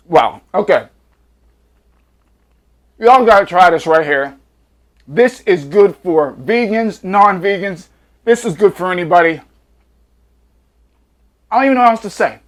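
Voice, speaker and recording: A man's voice: high-pitched, lively intonation, a little slow, pauses often, fairly bright tone. A man hosting a home cooking vlog, hyped and slangy, drawing out catchphrases while taste-testing in his kitchen. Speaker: cooking show host.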